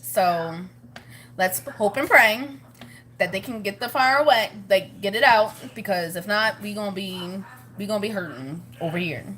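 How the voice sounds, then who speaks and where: A woman's voice: mid-range voice, moderate pace, bright, forceful tone, a little hiss or hum. A woman vlogging in a rambling, chatty way, laughing often as she talks to her viewers. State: pregnant, with morning sickness. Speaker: family vlogger. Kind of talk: casual chat to camera.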